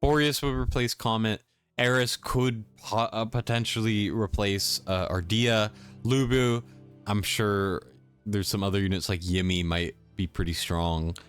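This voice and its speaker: A man's voice: lowish voice, steady tone, a little slow, a bit bright, clear, resonant tone, faint music behind. A young man giving casual, self-deprecating commentary over gameplay for a game guide, recorded as a voice-over on a desk mic. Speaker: gaming guide creator.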